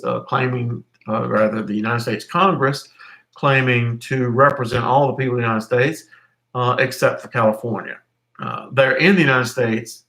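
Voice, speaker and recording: A man's voice: mid-range voice, sharp tone. A middle-aged man teaching history over a live stream, rambling and correcting himself with many fillers.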